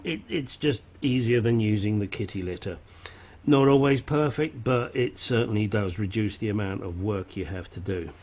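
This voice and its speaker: With a fairly low, darkish voice at normal speed, a mechanic explains a car repair while working, a faint hiss or hum in the recording. He grunts and mutters as he fights with the parts.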